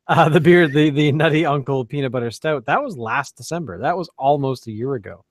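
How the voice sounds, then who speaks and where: A Canadian man with a fairly high-pitched, brisk voice co-hosts a casual beer podcast. He rambles through the chat with lots of fillers and restarts.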